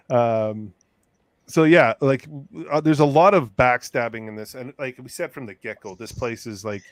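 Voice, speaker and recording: A man's voice: mid-range voice, unhurried, no room sound, studio quality. A man hosting a casual review chat, recapping scenes in a rambling way with many fillers. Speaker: podcast host.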